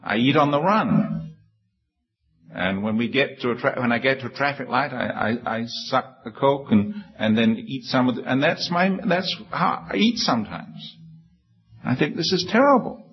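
This sermon comes from a man with a slightly rough voice at normal speed, captured in lo-fi sound. Humble and earnest, he reads scripture and tells a personal story, often starting phrases over and pushing up to emphatic high peaks.

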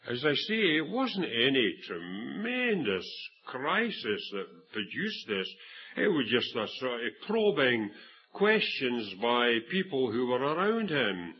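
A man's voice: medium pitch, lo-fi sound. A Scottish man preaching a sermon, telling a Bible story and acting out the quoted voices, with frequent restarts. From Scotland.

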